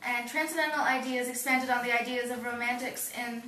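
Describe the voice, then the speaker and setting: A woman's voice: on the high side, steady tone, brisk, sharp tone, a little hiss or hum. A teenage girl reading her notes aloud for a class project. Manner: reads text aloud plainly. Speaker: student presenter. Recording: echoey room from far off.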